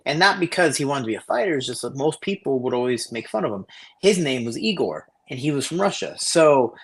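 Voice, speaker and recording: A man co-hosting a casual podcast, telling stories in a profane, animated way over a remote connection. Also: mid-range voice, a little fast, husky. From Cicero, Illinois area. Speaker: podcast co-host. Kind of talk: casual podcast chat, storytelling. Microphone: remote call over shaky Wi-Fi.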